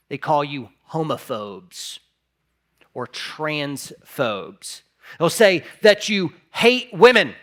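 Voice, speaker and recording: A male pastor delivers an impassioned sermon in a church sanctuary. His voice sits noticeably high for a man. Now and then he acts out imagined replies in a raised voice. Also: a bit bright.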